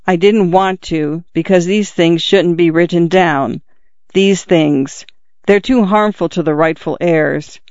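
A man voices a wounded, dying middle-aged father speaking earnestly and urgently to his son, pleading and confiding while in pain and out of breath. His voice is a little high and darkish, slow-paced, and the muffled recording has no room sound.

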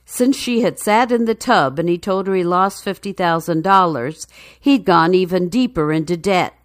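Female narrator for a news feature: low voice, dry close sound, measured and even. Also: no room sound.

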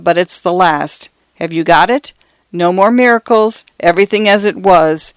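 A man's voice: high voice, clean tone, no echo. A man voicing a small, flustered ordinary man whose feeble voice turns homely and ungrammatical in his panic. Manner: plain-spoken, homely, ungrammatical speech.

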